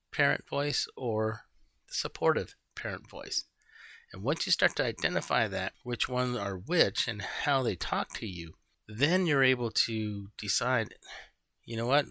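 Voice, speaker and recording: Bright-voiced middle-aged man, rambling coaching talk. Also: mid-range voice, no echo. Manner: conversational, rambling, searching for words with fillers. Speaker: life coach. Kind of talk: casual coaching talk to an online group.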